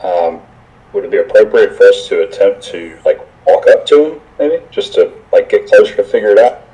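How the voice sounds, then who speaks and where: A man with a very deep, mellow voice plays in a tabletop game. He talks hesitantly and stumbles over his words as he asks questions. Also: animated, brisk, poor audio. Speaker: player. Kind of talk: casual tabletop play.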